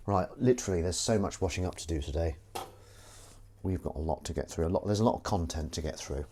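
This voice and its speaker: The recording is very noisy, with dishes and cutlery clinking as a man washes up on his livestream. He speaks low and fairly quickly, chatting, joking, and greeting viewers by name.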